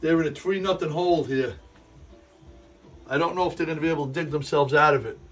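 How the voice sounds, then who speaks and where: High-voiced sniffly man, rambling live chat. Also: fairly bright tone, faint music behind. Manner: rambling, halting, repeats himself. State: sniffly and sneezing. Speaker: livestream host running a model railroad. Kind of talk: casual live-stream chat while working. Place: indoor room with a model railroad layout. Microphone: earpiece in ear.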